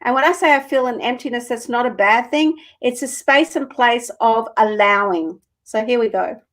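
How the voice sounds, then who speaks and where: Woman, spiritual card reader on a live stream, earnest, emotional, sweary, slightly high voice. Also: moderate pace. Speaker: co-host reading cards for viewers.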